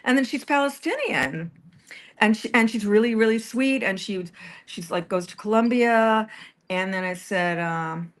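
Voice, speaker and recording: A woman's voice: mid-range voice, animated, measured pace. A woman chatting casually on a livestream, rambling and hesitant with many restarts. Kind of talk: casual chat.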